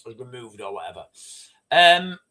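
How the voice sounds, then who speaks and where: A man's voice: medium pitch, very animated, moderate pace, sharp tone. A man hosting a casual livestream, rambling and repeating himself as he reads out viewer comments. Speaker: livestream host.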